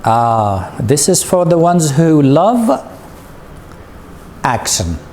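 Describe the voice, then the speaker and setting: In a slow, recorded classroom lesson, a male English teacher patiently questions his students at a drawn-out pace. He has a fairly high, sing-song, slightly mellow voice, and there is a little background noise.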